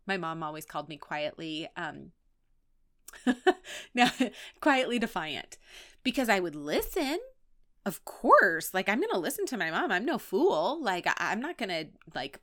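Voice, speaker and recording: A woman's voice: mid-range voice, very animated, moderate pace, a bit bright. A woman in her thirties hosting a solo podcast, talking in a chatty, encouraging way with many fillers. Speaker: podcast host and business coach. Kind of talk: heartfelt solo podcast talk.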